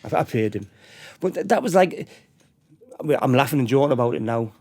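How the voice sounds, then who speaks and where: A middle-aged man with a Middlesbrough accent, telling stories as a podcast guest in a lively, anecdotal way. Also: medium pitch, a little fast. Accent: Middlesbrough English. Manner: lively anecdotal retelling, laughing often. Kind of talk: storytelling in a podcast interview.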